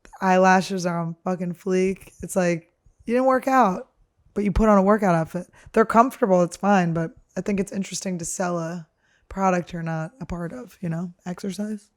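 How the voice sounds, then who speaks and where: A woman's voice: lowish voice, normal speed. A woman hosting a comedy podcast, ranting casually in a crude, sarcastic way. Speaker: podcast host.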